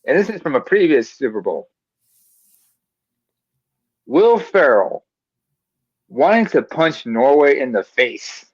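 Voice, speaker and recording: A male podcast co-host in casual sports chat, telling animated stories and drifting onto tangents. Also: mid-range voice, slow, long pauses, no echo. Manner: animated storyteller, goes off on tangents. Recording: dull, dry lo-fi sound.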